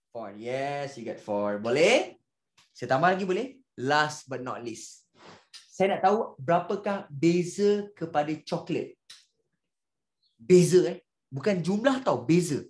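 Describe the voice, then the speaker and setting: Lively Malaysian maths teacher man. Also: sits high, reverberant. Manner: energetic, coaxing, mixes Malay and English. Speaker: primary school maths teacher. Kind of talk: lively online class.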